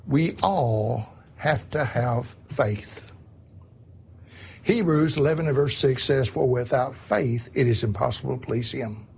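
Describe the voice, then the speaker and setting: A man's voice: mid-range voice, a little slow, creaky, darkish tone, slightly rough. A man preaching a sermon in an earnest, repetitive way, often calling his listeners "my friends".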